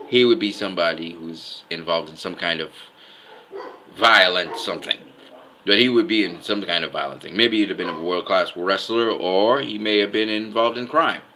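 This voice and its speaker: Guy ranting about boxing, kinda low voice but really sharp, keeps repeating himself. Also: normal speed, a little hiss or hum, poor audio. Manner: emphatic, repeats words, punctuates with "okay?". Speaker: boxing commentator. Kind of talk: casual commentary.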